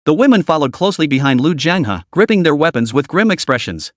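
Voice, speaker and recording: A man narrating a game fantasy story in an even scripted storytelling manner, voicing the quotes only lightly. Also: on the high side, brisk, no echo, studio quality.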